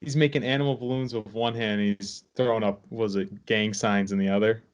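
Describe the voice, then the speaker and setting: A man's voice: fairly low pitch, fairly even intonation, a little fast, crowd noise. Laid-back man, dull lo-fi sound. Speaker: podcast co-host. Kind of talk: casual sports chat.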